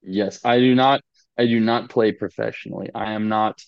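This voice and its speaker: Gravelly joking podcast guest, man. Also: on the low side, steady tone, moderate pace, no echo. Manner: joking, rambling, self-mocking. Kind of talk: casual podcast banter. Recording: dull lo-fi podcast audio.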